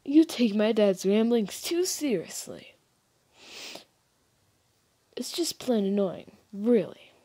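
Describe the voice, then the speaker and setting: A woman voicing a cocky teenage schoolboy who loves fistfights, talking gruff and taunting while reading a game aloud. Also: mid-range voice, expressive, slow, long pauses, mellow. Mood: dismissive. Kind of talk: reading a game's dialogue aloud.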